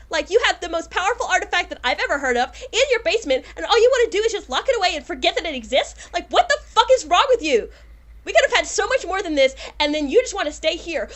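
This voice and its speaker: A woman's voice: high voice, fairly bright tone, voice pushed up. A woman voicing a spoiled, scheming young wife who talks in a whiny, petulant way and swears a lot.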